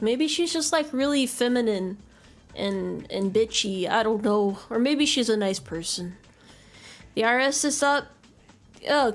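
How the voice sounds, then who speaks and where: A woman with a high voice chats casually with her viewers while she plays a game. She rambles, swears freely and answers messages as they come in. Soft music plays faintly underneath. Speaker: game streamer.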